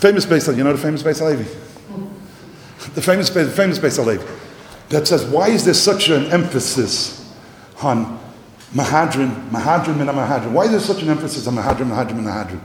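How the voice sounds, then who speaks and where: Lively man teaching in an echoey hall. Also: mid-range voice. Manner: animated, repeats phrases, mixes Yiddish and Hebrew terms. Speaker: Torah teacher. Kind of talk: Talmudic lecture. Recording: echoey hall, faint noise.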